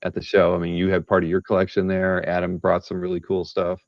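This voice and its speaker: Low gravelly male stream host, rambling chatter, dry dull lo-fi sound. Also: completely flat delivery, quick pace, no room sound. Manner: rambling, many restarts, laughing asides. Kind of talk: casual live-stream chat.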